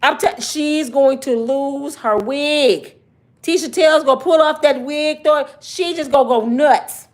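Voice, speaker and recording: A woman's voice: high-pitched, unhurried. A woman doing casual comedic commentary, joking and cussing as she talks to her viewers. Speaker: YouTube commentator.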